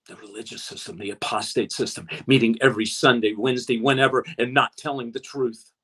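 A man's voice: mid-range voice, fairly even intonation, a little fast, fairly bright tone, breathy edge. A man preaching an impassioned online sermon, with his voice rising as he exhorts his listeners. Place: streamed online, talking to a chat audience.

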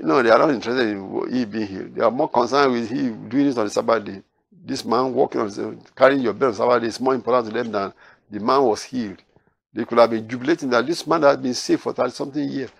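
Animated male preacher teaching scripture. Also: medium pitch, fast, creaky, dry recording. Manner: animated, acts out quoted voices with rising loudness. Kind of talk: Bible teaching.

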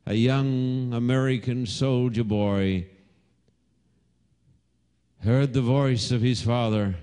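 Male preacher, sermon, slow deliberate delivery, dramatic storytelling, mid-pitched voice. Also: mellow, clear, resonant tone. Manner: slow dramatic storytelling, rising to cries in quoted calls.

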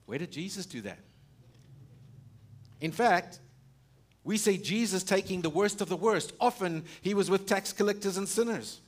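A male pastor preaches an expressive sermon at normal speed, pausing often. He poses rhetorical questions, restarts his sentences, and alternates between loud emphasis and quiet, low passages.

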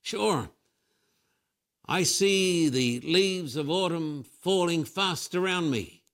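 A man's voice: a little high, slow pace, fairly bright tone. An older man, a Christian preacher answering questions with emphatic, repetitive preaching. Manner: emphatic preaching with repeated phrases. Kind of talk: fervent spiritual interview answers.

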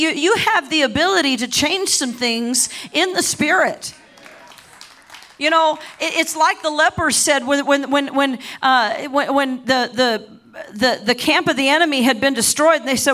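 Fervent woman preacher, builds to shouts. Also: high-pitched. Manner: impassioned, rising to shouts; repeats and restarts words often. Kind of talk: sermon.

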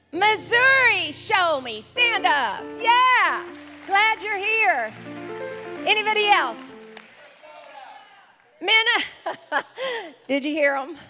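High-voiced Southern woman pastor welcoming visitors. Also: very animated, drawn-out words, pauses often, bright, forceful tone, long reverb tail. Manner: enthusiastic, calls out to the congregation. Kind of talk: church welcome and announcements. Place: large church sanctuary with a congregation. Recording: live church service with music and crowd.

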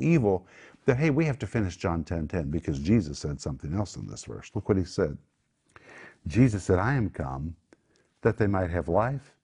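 A man's voice: deep voice, a little mellow, breathy edge. A man preaching in an emphatic sermon style, explaining scripture and rising sharply on key words. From United States. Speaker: pastor. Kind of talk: sermon-style Bible teaching.

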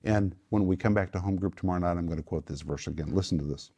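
A low-voiced man leads a home-group Bible teaching as its host. He speaks emphatically, leaning hard on the words he wants to stress. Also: fast, dark tone.

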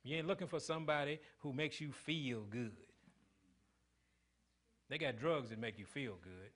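Here a middle-aged pastor preaches at a moderate pace in a mid-range voice. His sermon questions the congregation in call-and-response style, rising to loud emphasis and dropping to hushed lines.

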